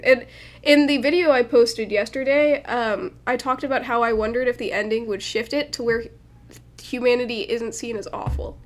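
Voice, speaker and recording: A woman's voice: a little high, moderate pace. Chatty woman streamer thinking aloud. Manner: thinks aloud with many fillers and restarts. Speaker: streamer translating a manga. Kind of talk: casual livestream commentary.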